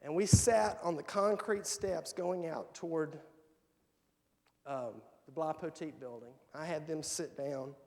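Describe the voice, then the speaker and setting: A man's voice: a little high, darkish tone, in a large hall. A male pastor preaching a sermon and telling personal family stories. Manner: tells personal family anecdotes, quoting his kids. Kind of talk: sermon storytelling. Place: church sanctuary.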